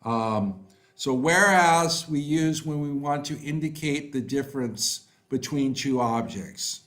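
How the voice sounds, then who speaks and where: A man teaching a live online class. He reads out student answers and praises them by name, talking slowly with many fillers. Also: medium pitch, fairly bright tone. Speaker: online English tutor. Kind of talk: live online class, reading chat replies.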